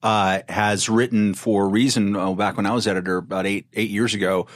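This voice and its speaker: A man with a low voice, recorded in a dry, close space. He is a podcast co-host in casual chat who speaks in a deadpan way and often pauses on fillers. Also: no room sound.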